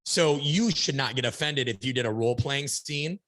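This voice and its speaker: A man speaking as a podcast guest, telling stories in an animated, emphatic way and acting out bits of dialogue. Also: mid-range voice, normal speed. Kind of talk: energetic conversational storytelling.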